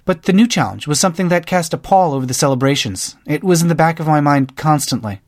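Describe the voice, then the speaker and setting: A man with a somewhat high voice reads a nonfiction book aloud in steady scripted narration. He lifts his pitch for quoted lines. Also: brisk, hardly any pauses. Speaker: audiobook narrator.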